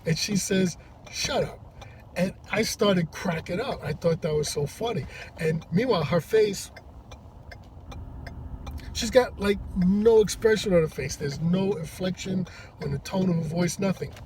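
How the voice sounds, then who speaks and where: A man who drives for a rideshare service, telling a story to camera in a halting, rambling way, from inside a parked car. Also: high voice. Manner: rambling, halting with many restarts. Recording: distant mic with loud traffic noise. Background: loud vehicle and road noise.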